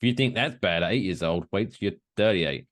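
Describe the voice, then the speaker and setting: A man's voice: sits low, fairly quick. A man in his thirties co-hosting a podcast, rambling and joking crudely in casual chat. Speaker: podcast co-host.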